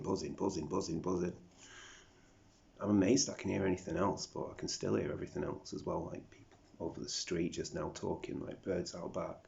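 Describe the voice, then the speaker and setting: A man's voice: low voice, creaky, a little mellow, a little hiss or hum. A man from South Africa with a picked-up British accent, rambling and mumbling in a confessional video diary, dropping into whispers and swearing often. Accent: British, picked up over a South African upbringing. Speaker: vlogger. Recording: dull lo-fi recording.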